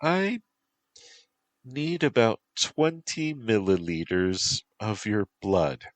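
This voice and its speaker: A man voicing a winged female yokai with a high, whistling, wheedling voice. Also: takes it slowly, dry recording.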